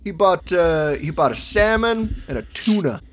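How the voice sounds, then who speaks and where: Brief: man voicing a matter-of-fact dockworker, hurried, rambling. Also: high voice, lively intonation, slight background noise. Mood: busy. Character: busy male dockworker with a sharp memory.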